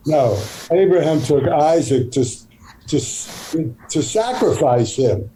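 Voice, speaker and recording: A man doing comic banter as the father, in a slow, wry and deadpan way. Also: on the high side, slight background noise, rough recording. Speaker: comedian guest playing the father. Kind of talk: comedic banter.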